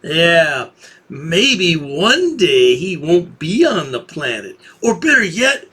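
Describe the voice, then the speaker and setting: A man's voice: a little high, big pitch swings, takes it slowly, sharp tone, slightly rough. A man hosting a commentary video, talking in a sarcastic, taunting way. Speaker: commentary channel host.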